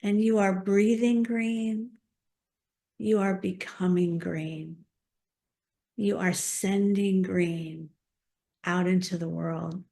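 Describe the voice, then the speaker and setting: A woman minister leading a slow, soft guided meditation during a church service. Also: medium pitch, steady tone, gravelly. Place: church service also streamed on a video call.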